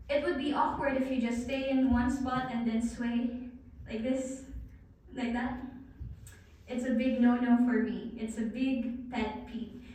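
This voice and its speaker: A woman's voice: high-pitched, a little mellow. A woman giving a guest talk on presentation skills, coaching the audience and speaking straight to them in a large hall. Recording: very echoey hall, far from the mic.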